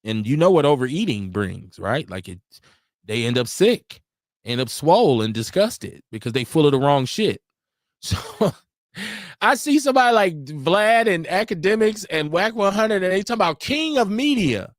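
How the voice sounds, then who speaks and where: A man hosting a casual live-stream talk show, animated and mimicking other voices as he tells stories. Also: on the high side, normal speed, no room sound, clean studio sound. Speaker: podcast host.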